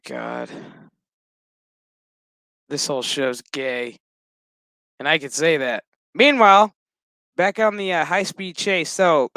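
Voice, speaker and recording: A man's voice: on the high side, a bit bright, no echo, low-quality recording. A man casually retelling a TV episode, crude and joking, chuckling as he acts out the characters' lines. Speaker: show recap host. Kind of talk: casual profane episode recap.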